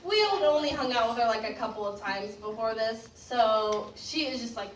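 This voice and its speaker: A young woman telling a personal story in a casual, animated way, laughing and getting louder as it builds. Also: fairly high pitch, normal speed, few pauses, heavy background noise. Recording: roomy distant mic with faint ambience.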